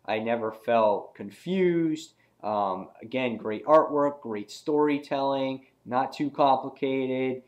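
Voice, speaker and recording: A man's voice: slow, few pauses. Casual man reviewing comics on camera. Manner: relaxed and rambling, many fillers, acts out quoted lines in a higher voice.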